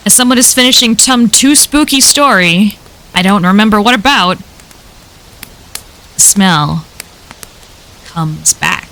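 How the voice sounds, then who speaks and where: A woman's voice: mid-range voice, measured pace, long pauses, pushed and bright, a little hiss or hum. A woman reading a first-person horror story aloud on a live stream, in a casual, conversational telling full of swearing.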